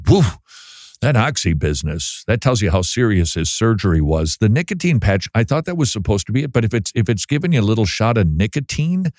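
A man's voice: fairly low pitch, a little mellow, dry recording, studio quality. A man hosting a Christian talk show, chatting casually with wry, self-deprecating humor.

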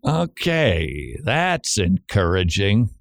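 A man's voice: lowish voice, very animated, drawn-out words, creaky, no room sound, clean studio sound. A man hosting a radio talk show in a casual, joking way, laughing often and stammering on repeated words.

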